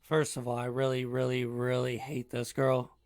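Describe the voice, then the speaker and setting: A man's voice: medium pitch, completely flat delivery, moderate pace, darkish tone. A man co-hosting a casual live chat show, blunt and opinionated, with a joking edge. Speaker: podcast co-host.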